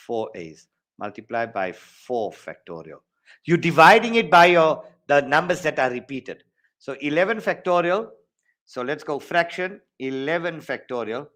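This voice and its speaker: A man with a South African accent teaching an online exam-prep maths lesson over a video call, lively and jokey, counting steps out loud. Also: medium pitch.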